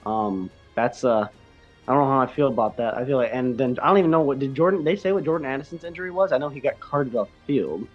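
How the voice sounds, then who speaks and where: A man's voice: mid-range voice, lively intonation, quick pace, soft background music. Rambling man on a lo-fi podcast mic. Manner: rambling, frequent fillers and restarts. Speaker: podcast co-host. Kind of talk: casual podcast chat.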